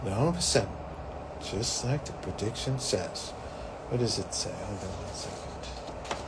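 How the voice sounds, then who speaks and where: Animated rambling man with a lively voice. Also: on the low side, unhurried, creaky, heavy background noise. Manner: rambling, animated, full of "like" and "you know". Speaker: psychic host. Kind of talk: casual storytelling monologue.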